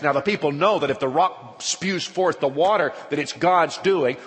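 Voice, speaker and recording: A man preaching a sermon, retelling scripture and acting out the quoted voices with sudden bursts of loudness. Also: a little high. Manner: dramatic retelling, acts out quoted speech with rising loudness. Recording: long hall reverb.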